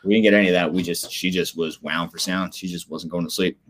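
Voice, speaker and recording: Man, very low voice, podcast host, casual teasing banter, tired. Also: quick pace. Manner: joking, teasing, animated.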